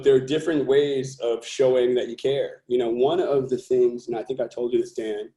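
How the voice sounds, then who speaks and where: Interview guest: an earnest, emphatic man with a mid-pitched voice, roomy echo on the recording. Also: warm tone. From California, USA. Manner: earnest, emphatic, thinking aloud with restarts. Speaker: company founder and CEO, guest. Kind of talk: podcast interview.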